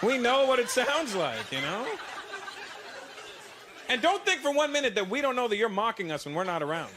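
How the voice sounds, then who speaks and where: A man from Canada doing a stand-up comedy routine on a stage, animated and switching into mimicked accents. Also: extremely high pitch, normal speed, crowd noise. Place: large theater stage with audience laughter. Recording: loud background noise.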